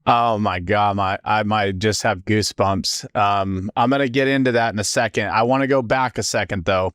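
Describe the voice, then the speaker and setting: A man's voice: fairly low pitch, steady tone, moderate pace, fairly bright tone, clean tone, no echo, studio quality. A man hosting a podcast, asking eager, curious questions in a casual interview.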